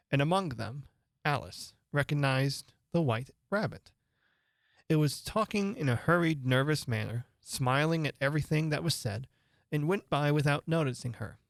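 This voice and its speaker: Bright-voiced man reading a storybook. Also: a little high, dry recording, clean studio sound. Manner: measured, expressive reading. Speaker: audiobook narrator.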